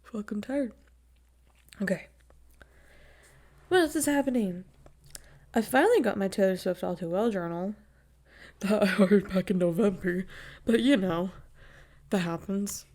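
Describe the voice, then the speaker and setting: A woman's voice: mid-range voice, unhurried, pauses often, darkish tone. Chatty young woman podcasting casually. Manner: chatty and gushing, laughs often, swears casually. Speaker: podcast host. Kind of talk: casual chat. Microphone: new desk mic without windscreen.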